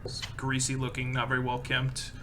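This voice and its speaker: A man's voice: medium pitch, completely flat delivery, moderate pace, sharp tone, a little hiss or hum. A man running a tabletop game as game master, narrating in a loose, casual, descriptive way.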